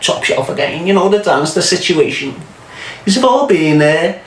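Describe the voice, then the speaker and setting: A man's voice: sits high, animated, moderate pace, a little hiss or hum. Sweary Scouse man, casual livestream chat. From England. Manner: swears a lot, loose storytelling, greets viewers. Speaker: livestream host. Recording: echoey room with music behind.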